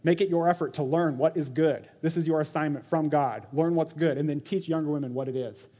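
A man in his thirties delivers a sermon, his voice sitting slightly high for a man. He exhorts his listeners with earnest urgency. He breaks into short mocking impressions when quoting others. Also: a little fast, warm tone. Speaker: pastor.

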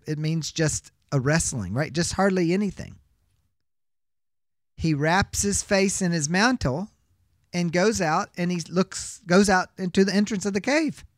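Slow, high-voiced male Bible teacher. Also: dry recording, clean studio sound. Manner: emphatic, with rhetorical questions. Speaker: biblical counseling teacher.

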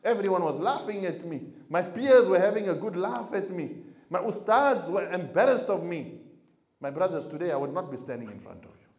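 Imam guy preaching, fairly high voice, echoey room, goes quiet then loud. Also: lively intonation, normal speed. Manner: storytelling, swings from quiet to loud emphasis. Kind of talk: sermon to a congregation.

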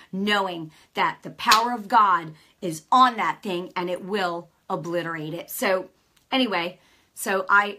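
A middle-aged woman shares a religious testimony with a bright, forceful voice. Her telling is fervent and emotional. It swings between soft, hushed passages and loud, impassioned declarations. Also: mid-range voice. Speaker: speaker giving a testimony. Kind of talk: testimony sermon.

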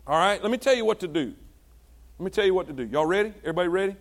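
A man preaching a sermon in a high voice that climbs and dips constantly. He shouts his points, then drops to hushed asides, and keeps calling out to the congregation for responses. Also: animated, very fast. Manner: swings between shouted exhortation and low, hushed asides. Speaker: pastor.

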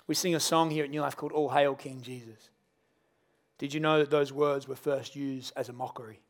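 A male pastor delivers a sermon with a high-pitched voice. He tells the story in an animated way and acts out its scenes as he preaches.

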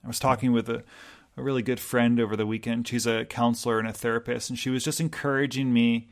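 A pastor delivering a reflective, gentle sermon, pausing often and restarting his sentences. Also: medium pitch, little pitch movement.

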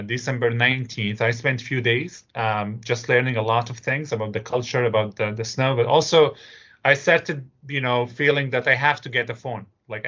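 A man's voice: mid-range voice, lo-fi sound. A middle-aged man from Syria with a Syrian Arabic accent, telling stories in an interview as a guest and acting out voices in his anecdotes. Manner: animated storyteller, acts out voices in anecdotes. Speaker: interview guest, immigrant business owner. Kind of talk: storytelling interview answers.

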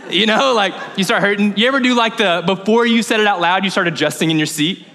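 A man's voice: high-pitched, fast, bright, forceful tone, big-room sound, some chatter behind. A man preaching a sermon as pastor, telling a funny story and acting out little scenes with lots of energy. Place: church hall.

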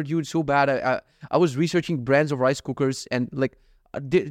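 Recorded cleanly in a studio with no echo, a young male podcast host with a higher-leaning voice rambles on his own through profane, joking anecdotes in a relaxed monologue.

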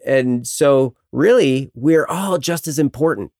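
A man co-hosting a casual faith talk show at a mid-range pitch. He talks reflectively and unhurriedly, filling gaps with "you know." His voice sits close and dry, with no room sound. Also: takes it slowly, a little mellow, no room sound. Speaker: co-host.

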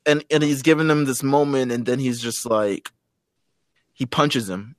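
A man hosting a podcast, recapping a story in casual chat with animated, laughing delivery. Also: medium pitch, measured pace, no echo, clean studio sound. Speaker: podcast host.

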